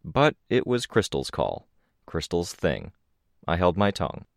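A man narrating a first-person audiobook in a measured, even storytelling manner. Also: low voice, creaky, no room sound, studio quality.

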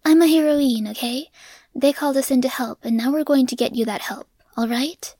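A woman voicing a strong but kind young heroine, speaking in a gentle, reassuring voice. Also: sits high, moderate pace, no echo.

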